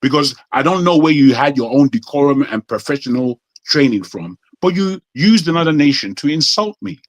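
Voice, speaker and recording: Brief: British-accented male guest, indignant and forceful, slightly higher voice. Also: expressive, normal speed, no echo. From Nigeria. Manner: forceful, indignant, repeats phrases. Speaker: debate guest. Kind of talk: heated panel debate.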